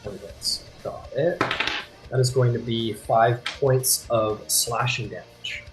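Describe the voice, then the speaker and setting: A man narrating as game master of a tabletop game, chatty and quick to apologize. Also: medium pitch. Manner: lively, chatty, apologetic asides. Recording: faint guitar music behind.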